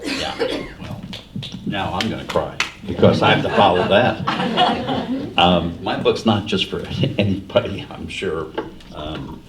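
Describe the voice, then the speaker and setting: A deep-voiced older man from New Jersey speaks slowly with big pitch swings over a noisy crowd. He's an author at a library forum in a meeting room, casually telling rambling, self-deprecating stories, captured on a distant, muffled room recording with faint hiss.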